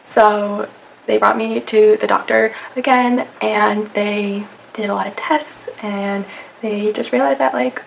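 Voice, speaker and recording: A woman's voice: medium pitch, creaky, rough recording. A young woman vlogging in a casual chat to camera, filling her talk with "like" and "um". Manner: chatty, many fillers and "like". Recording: faint background noise.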